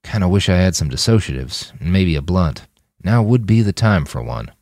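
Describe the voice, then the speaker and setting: Guy doing a chill deadpan cyborg, low and dry. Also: moderate pace, no room sound.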